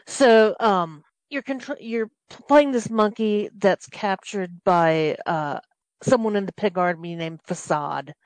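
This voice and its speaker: A woman's voice: on the low side, dry recording, low-quality recording. A woman casually recapping a video game's story on a podcast, rambling with many restarts and fillers. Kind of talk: casual game plot recap.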